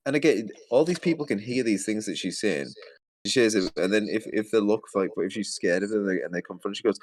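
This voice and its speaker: A man's voice: on the low side, brisk, darkish tone. A man ranting with heavy profanity and exasperation as he comments on videos. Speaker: commentary host.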